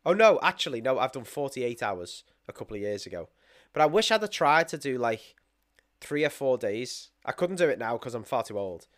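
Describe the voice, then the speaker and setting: A young British man co-hosts a podcast, telling stories in casual chat with a medium-pitched, fairly bright voice at normal speed. He's very animated, swears freely, laughs often and acts out his own thoughts.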